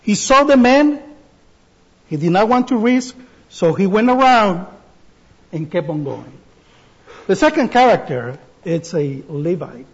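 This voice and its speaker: Guy giving a sermon, high-pitched, slow and careful. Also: sing-song, breathy edge, lo-fi sound. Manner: slow, deliberate delivery with pauses and restarts. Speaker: preacher.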